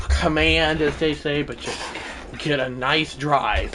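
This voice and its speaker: A livestreamer giving play-by-play of a football video game, swinging from mumbled asides to shouted sportscaster-style calls. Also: medium pitch, takes it slowly, noisy background. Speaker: gaming livestreamer.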